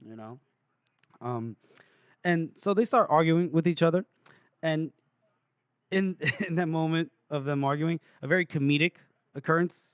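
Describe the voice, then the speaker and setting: A man's voice: fairly high pitch, clear, resonant tone, dry recording. A man co-hosting a podcast, casually and animatedly recapping a book chapter. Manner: animated retelling, acting out characters. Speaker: podcast co-host.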